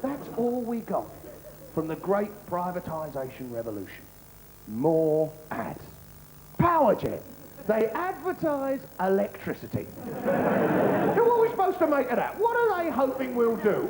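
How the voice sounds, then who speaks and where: A man's voice: very high-pitched, sing-song, measured pace, very noisy. A man doing a live stand-up routine, ranting with sarcastic mock disbelief. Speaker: stand-up comedian. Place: theatre stage. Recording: loud live-show ambience.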